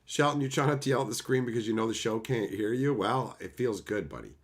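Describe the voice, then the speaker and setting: A man chatting casually on a livestream and answering chat, animated and swearing freely in loose run-on asides. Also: mid-range voice, fast talker. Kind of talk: casual live-stream chat.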